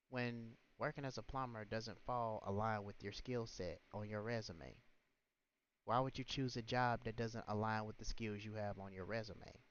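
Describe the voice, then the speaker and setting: A man rants on his livestream, indignant and scolding, piling up rhetorical questions. His voice is smooth and resonant, though the stream audio is muffled and lo-fi. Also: fairly low pitch, fairly even intonation, moderate pace. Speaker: livestream host. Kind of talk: ranting livestream commentary.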